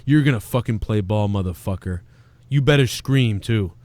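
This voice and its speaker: A man's voice: lowish voice, normal speed, darkish tone, no room sound, voice pushed down, lightly acted. A man voicing a threatening male kidnapper who swears and taunts his captive. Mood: menacing.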